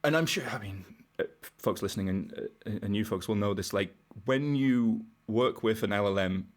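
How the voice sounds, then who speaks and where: A man's voice: fairly low pitch, moderate pace. A British man, a guest on a podcast, explaining technical ideas in a casual, wry way and thinking aloud as he goes. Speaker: podcast guest, browser engineer.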